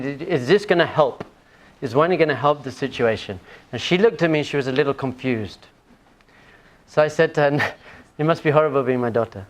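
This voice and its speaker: Animated storytelling male rabbi. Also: on the high side. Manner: animated, humorous storytelling with questions to the audience. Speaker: rabbi teaching a class. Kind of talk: lecture with personal anecdotes.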